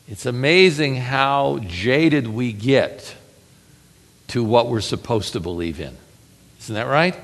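A man preaching a sermon, telling a scripture story with lively rhetorical questions to the congregation. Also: medium pitch, takes it slowly, big-room sound.

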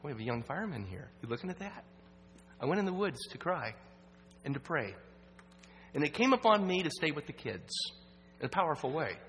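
Guy preaching a story to a church crowd, stops and restarts, goes real quiet sometimes, echoey hall with a faint hum. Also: on the high side, big pitch swings. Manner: earnest, halting with restarts, drops to a hush at sad moments. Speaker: guest speaker at a church evening program. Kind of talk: storytelling sermon. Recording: roomy reverb with faint hum.

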